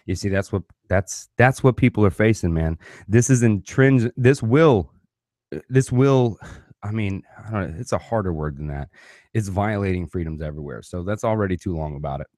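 Guy ranting through a travel story, low voice that swings all over, cussing a lot, dry close sound. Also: normal speed, dry recording. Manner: animated, swearing freely. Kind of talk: casual profane storytelling.

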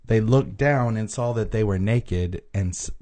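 A man's voice: fairly low pitch, a little slow, warm tone. A man in a casual podcast chat, earnestly explaining scripture with frequent restarts.

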